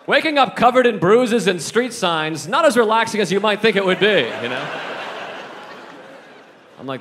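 A man's voice: high-pitched, lively intonation, moderate pace, pauses often, a bit bright, slight background noise. A man doing a stand-up set on a club stage, with a dry, self-deprecating delivery. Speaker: stand-up comedian. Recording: live club recording with crowd laughter. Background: audience laughter.

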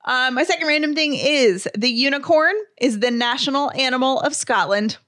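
A woman's voice: sits high, moderate pace, fairly bright tone, dry recording, studio quality. A woman co-hosting a podcast, chatting casually and enthusiastically, laughing often while presenting fun facts. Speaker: podcast co-host. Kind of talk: casual chat.

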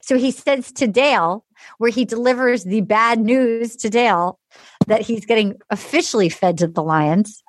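A woman's voice: a little high, normal speed, no room sound. A woman podcast host recapping in casual chat, telling the story with animation and acting out quotes, with lots of "like".

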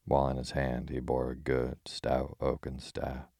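A man narrating an old tale in an audiobook, in a measured, steady way. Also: a bass voice, creaky, no room sound, studio quality.

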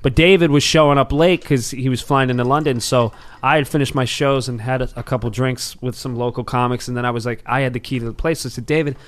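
A man's voice: mid-range voice, quick pace. A man, a stand-up comedian, telling stories in casual podcast chat, acting out quotes as he goes. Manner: animated, rambling, acts out quotes.

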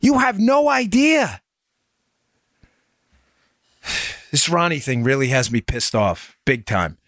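A man's voice: a little high, animated, slow pace, a bit bright, no echo. Combative man ranting on a podcast. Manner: combative, ranting, punchy rhetorical questions. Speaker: podcast host. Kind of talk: heated political commentary.

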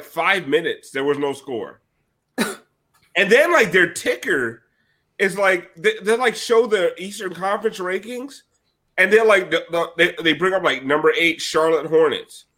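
A man's voice: high voice, animated, moderate pace, bright, forceful tone. A man hosting a casual sports podcast who talks in a rambling, profane way. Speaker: host. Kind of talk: casual chat.

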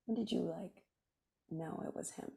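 A woman hosting a casual chat, expressive and quick to react. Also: on the low side, gravelly. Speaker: host.

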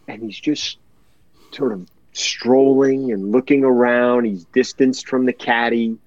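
A man's voice: medium pitch, steady tone, measured pace, dry recording, lo-fi sound. A man telling a heartfelt personal story in a podcast chat, earnest and emotional, repeating words for emphasis.

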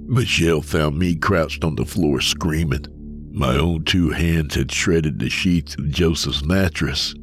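A man narrating a first-person horror story in a calm, measured way. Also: a bass voice. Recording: soft music under voice.

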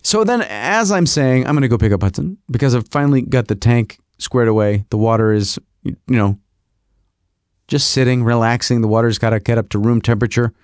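A man's voice: medium pitch, moderate pace, no room sound, studio quality. A middle-aged man hosting a podcast, telling a rambling comic story and putting on voices. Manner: rambling, animated, puts on voices. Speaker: podcast host.

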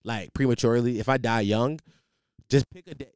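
Young man as podcast host, animated and profane, clear voice on a close studio mic. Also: mid-range voice, fairly quick, dry recording. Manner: animated, profane, rambling with restarts. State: tired, sleepless. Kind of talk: casual storytelling monologue. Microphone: studio microphone.

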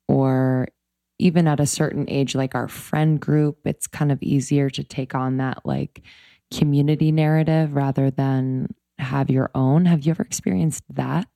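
A woman's voice: extremely low pitch, fairly even intonation, moderate pace, creaky, dark tone, no echo, clean studio sound. A woman co-hosting a podcast who asks long, rambling questions in a friendly tone. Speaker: podcast co-host. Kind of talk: casual podcast interviewing.

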